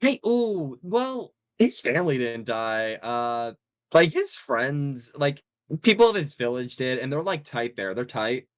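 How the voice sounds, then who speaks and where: A man's voice: mid-range voice, lively intonation, unhurried, fairly bright tone, no room sound. A man playing in a tabletop game, talking in a rambling way with many fillers. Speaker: player.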